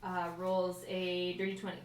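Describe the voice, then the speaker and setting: A woman's voice: on the low side, completely flat delivery, moderate pace. A woman running a tabletop game as dungeon master, narrating in an easygoing way and laughing often. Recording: echoey room with background noise.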